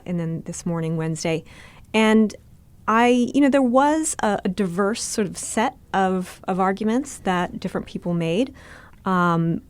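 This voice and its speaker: A woman reporter giving casual spoken analysis, thoughtful, with frequent fillers and self-corrections. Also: lowish voice. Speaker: political reporter.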